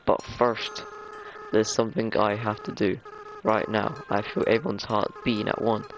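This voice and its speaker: A man's voice: lowish voice, level tone, lightly acted, rough recording. A man reading as a tearful young goat monster prince. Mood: solemn. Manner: soft, halting, choked-up delivery. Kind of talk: voicing game dialogue aloud. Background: game music.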